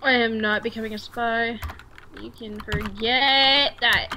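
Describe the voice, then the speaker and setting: A woman chatting excitably while playing an online game with friends. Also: on the high side, a little slow, slight background noise. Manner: excitable, exclamatory. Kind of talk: casual gameplay chat.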